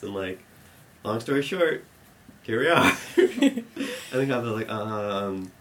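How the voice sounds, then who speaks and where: A man's voice: on the low side, moderate pace. Rambling young man telling a story. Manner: rambling, full of "like" and restarts, laughing at his own story. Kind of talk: live storytelling.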